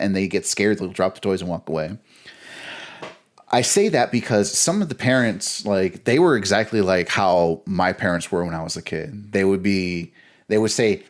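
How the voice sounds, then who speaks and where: A man's voice: on the low side, a little slow. A man, a podcast guest, telling a casual rambling story with frequent restarts. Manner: rambling, with many restarts and laughter.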